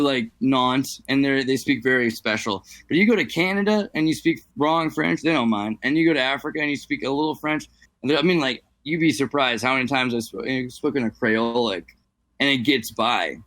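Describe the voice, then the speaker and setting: A man's voice: medium pitch, a bit bright, no room sound. A man in casual podcast chat, talking in long digressive runs and tossing in French phrases.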